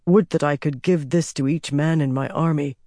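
A composed, stern general who speaks in a steady, measured way with a quiet wry edge, read by a man narrating an audiobook. The sound is dry and close. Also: on the high side, no echo, natural voice.

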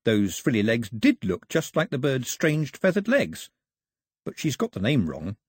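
A man reading a storybook aloud in an expressive, varied narration. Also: mid-range voice, a little slow, slightly rough, no echo, clean studio sound.

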